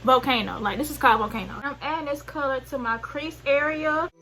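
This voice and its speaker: Woman, Southern US accent, high voice, beauty vlog, chatty, slangy, rambling. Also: brisk, rough recording. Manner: chatty, rambling, slangy, loses track mid-sentence. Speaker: beauty vlogger. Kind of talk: casual makeup tutorial.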